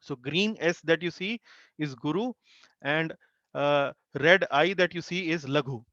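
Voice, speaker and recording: A man's voice: fairly high pitch, fairly bright tone, no echo. Man teaching, dull lo-fi audio. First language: Hindi. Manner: slow explaining with many fillers and repeated syllables. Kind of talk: online class lecture. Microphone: video call.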